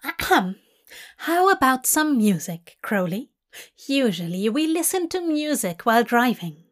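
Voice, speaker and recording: Fussy male angel, voiced by a woman, whiny, higher pitch, storybook. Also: sing-song, a little slow. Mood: polite. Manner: whiny, complaining. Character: fussy, gentle male angel who frets.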